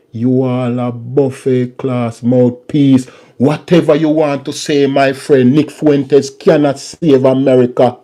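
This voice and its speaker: Slow, dark-voiced man ranting. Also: medium pitch. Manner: mocking, repetitive. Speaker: political commentary host. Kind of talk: ranting commentary vlog.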